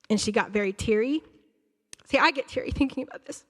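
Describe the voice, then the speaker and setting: A woman's voice: mid-range voice, fast. A woman, a school counselor giving an earnest talk to parents at a church, telling stories from her own life. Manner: earnest, warm-hearted storytelling, addresses crowd as y'all. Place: large church hall. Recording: long hall reverb.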